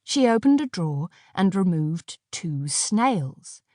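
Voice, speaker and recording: A woman with a fairly low voice narrates an audiobook in a measured, expressive storytelling style. The recording is studio quality with no echo.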